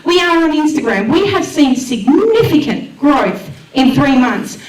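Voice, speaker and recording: An Australian woman speaking to a community event crowd, heartfelt and enthusiastic as she pitches her volunteer radio station. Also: very animated, unhurried. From Western Australia. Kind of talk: emotional public speech at a launch event. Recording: echoey room, voice far from the mic.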